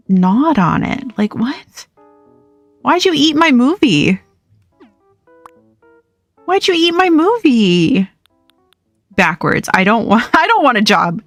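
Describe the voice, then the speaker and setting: A young woman chats loosely while playing a game on a live stream, wandering from one thought to the next and laughing often. Her voice sits at a middle pitch and sounds dry and close to the mic. Soft music plays faintly behind her. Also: vocal fry, no room sound. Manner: chatty, rambling, laughs often. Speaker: livestream host. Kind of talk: casual chat while gaming.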